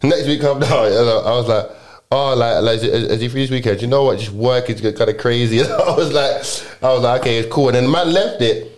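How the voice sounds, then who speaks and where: A man's voice: mid-range voice, brisk, a little mellow. A young man with a London accent, telling a rambling story in casual chat, full of slang and restarts.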